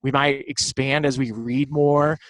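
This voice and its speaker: A man from Southern California, a baseball broadcaster and guest, telling animated stories in casual chat. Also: mid-range voice, a little slow, no room sound. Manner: animated storytelling, fond of quoting others.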